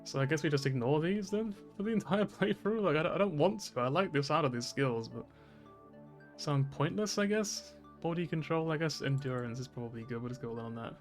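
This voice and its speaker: A man thinking aloud on a game stream, rambling through his choices with giggles and constant self-corrections. His voice sits a little high. Faint game music plays underneath. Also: brisk.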